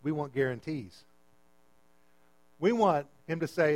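A man's voice: on the high side, lively intonation, unhurried, long pauses, a little mellow, no room sound, rough recording. A man preaching a sermon as pastor, emphatic and repeating his phrases as he calls out to the congregation.

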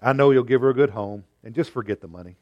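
A man voicing a gentle man who is selling puppies. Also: medium pitch, fast talker, no room sound, lo-fi sound, close to an everyday voice. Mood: kindly.

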